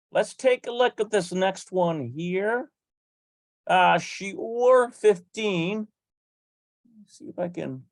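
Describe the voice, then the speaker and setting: Slow, methodical language teacher. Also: medium pitch, a little mellow, no room sound. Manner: methodical, spells out letters and vowels step by step; thinks aloud with frequent fillers and self-corrections. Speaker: Hebrew teacher. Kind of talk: online grammar lesson.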